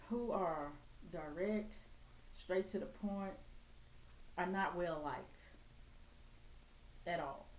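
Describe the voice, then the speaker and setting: A blunt woman with rants and swears without holding back. Her voice is mellow and dark, and it bounces around an echoey room. A faint hum of ambient noise sits under her speech. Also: medium pitch. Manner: blunt, profane, straight-talking. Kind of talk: blunt profane rant to camera.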